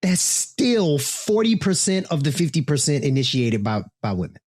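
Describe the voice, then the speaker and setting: A man's voice: on the high side, sing-song, moderate pace, a little mellow, no room sound. A man co-hosting a casual chat show, talking bluntly with profanity and jokes. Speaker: co-host.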